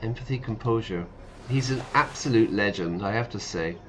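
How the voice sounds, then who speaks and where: A fairly low-voiced man teaching English while he plays a game, chatting loosely and laughing a lot. He stops to explain slang words, with faint hiss behind him. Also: moderate pace, a bit bright. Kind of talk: casual explanation while playing.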